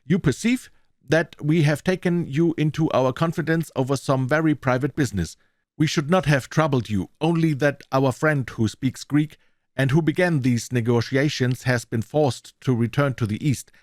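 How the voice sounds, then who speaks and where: A man's voice: medium pitch, normal speed, no room sound, studio quality, lightly acted. A man with a German accent voicing a sinister, giggling older male kidnapper who threatens his captive. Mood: menacing. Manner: menacing, sneering threats.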